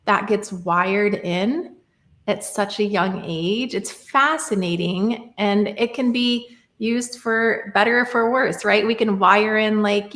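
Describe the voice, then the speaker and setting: A woman in her thirties talks through a personal story in a reflective, casual podcast conversation. She often stops to check in with "right?" and fills gaps with "like." Her voice sits in a middling pitch and rings a little in a roomy space. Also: slow, fairly bright tone. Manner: reflective, many fillers like "like" and "right?". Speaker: podcast guest.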